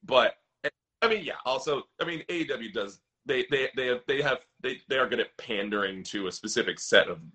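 A man's voice: medium pitch, a little fast, pushed and bright. A man co-hosting a podcast in casual chat, enthusiastic, stammering and restarting his sentences often. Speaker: podcast co-host.

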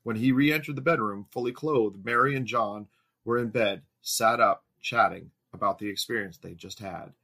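Low-voiced male erotic story narrator. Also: normal speed, sharp tone, breathy edge.

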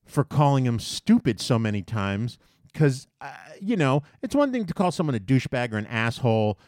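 Profane, animated male storyteller. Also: medium pitch, moderate pace, dry recording, studio quality. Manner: animated, profane, mimics people in his story. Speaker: podcast host telling a story. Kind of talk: casual storytelling chat.

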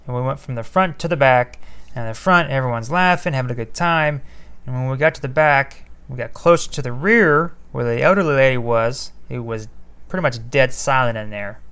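A man with a mid-range, smooth and clean voice tells a story from his work as an EMT. He speaks casually and conversationally, turning to his listeners with blunt, profane asides. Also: mid-range voice, fairly bright tone. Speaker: EMT telling a call story.

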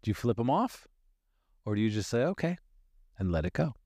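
A podcast host and life coach in his fifties runs a motivational show, speaking candidly and emphatically in a fairly low, sing-song, slightly mellow voice at a fast clip. He swears casually and repeats phrases for stress, captured in a dry recording with clean studio sound.

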